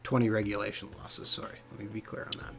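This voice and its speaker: Game streamer: man, low gravelly voice, relaxed running commentary, faint music underneath. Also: fast talker. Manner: relaxed, muttering play-by-play of menus. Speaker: game streamer playing a hockey management sim. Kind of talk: casual commentary over gameplay.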